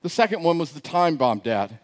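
A man preaching a sermon as a pastor, telling stories with loud, high jokes and dropping soft and low for serious points. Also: a little fast. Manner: animated storyteller, climbs loud and high when joking.

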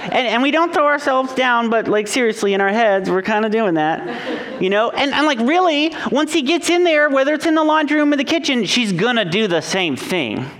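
A pastor with a notably high-pitched voice preaches in a loose, conversational way. He tells family stories with playful humor and mimics the people in them before turning to the scripture point. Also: normal speed. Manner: animated, jokey, acts out the people in his stories. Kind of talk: conversational sermon with storytelling.

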